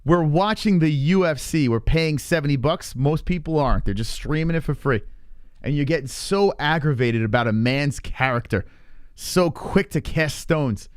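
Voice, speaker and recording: A man's voice: on the high side, moderate pace, no echo, studio quality. A man hosting a live stream and ranting casually, heated and full of profanity.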